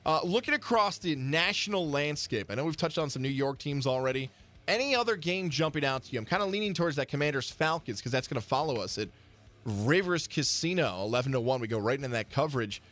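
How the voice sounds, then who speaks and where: A man's voice: on the high side, fast. A man hosting sports talk radio, ranting with energy and acting out the quotes he tells. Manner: animated, ranting, acts out quotes.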